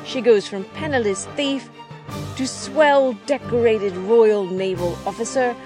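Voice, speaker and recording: A woman's voice: on the high side, unhurried. A woman reading a scripted tribute with wry, dramatic phrasing. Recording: theme music under the voice.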